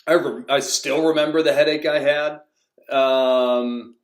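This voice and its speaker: A man's voice: medium pitch, fairly even intonation, slow. A young man telling personal stories in a rambling, casual way, full of fillers and restarts. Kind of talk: casual storytelling. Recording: echoey room.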